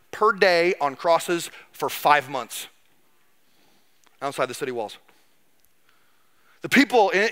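A middle-aged man preaching a sermon as pastor, telling history as a lively story and acting out the people he quotes. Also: a little high.

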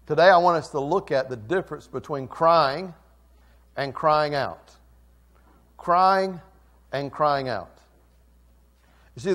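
A man preaching a sermon as pastor, emphatic, swinging from quiet asides to loud calls and repeating phrases for emphasis. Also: on the high side.

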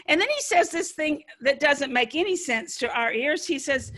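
A woman pastor preaching a sermon in a conversational, animated way, musing aloud to her congregation. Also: high voice, normal speed, hardly any pauses.

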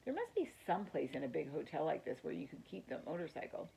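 A woman voicing a kind, friendly young boy in a children's story read aloud, speaking gently. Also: sits low, sing-song, fast, creaky, slight background noise, heavily acted, rough recording. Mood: thoughtful.

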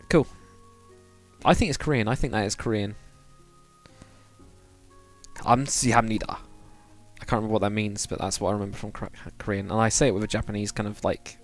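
A man chatting casually and rambling to viewers on a live stream, with many fillers. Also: lowish voice. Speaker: live streamer, game builder.

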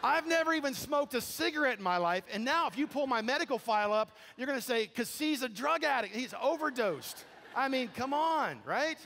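A man preaching a sermon, telling a story with animated, incredulous quoted dialogue. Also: very high-pitched, fairly quick, few pauses. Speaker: pastor. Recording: long hall reverb.

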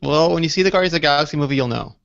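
A man's voice: a little high, rapid-fire, creaky, a bit bright. A man born in South Africa hosting a live podcast, with a playful, teasing way of talking. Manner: playful, teasing, jumps into joke voices. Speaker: podcast host. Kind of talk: casual live podcast chat. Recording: lo-fi online call audio.

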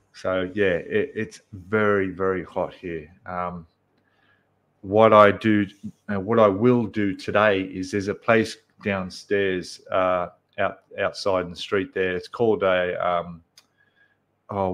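A man with an Australian accent hosting a casual live stream from his apartment, greeting viewers by name and chatting with plenty of fillers. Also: sits low. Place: apartment room indoors.

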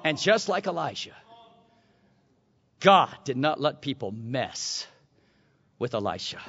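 A man preaching a sermon, telling the story dramatically and swinging from shouts to hushed tones. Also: mid-range voice, sing-song, slow pace, breathy edge. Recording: dull lo-fi recording.

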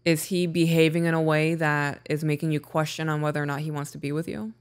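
Cohost reading a listener email out loud, dry little comments, mid pitch. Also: fairly even intonation, fast talker, clear, resonant tone. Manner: brief agreeing replies, dry remarks. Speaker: podcast co-host. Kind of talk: casual chat, reading a viewer email aloud.

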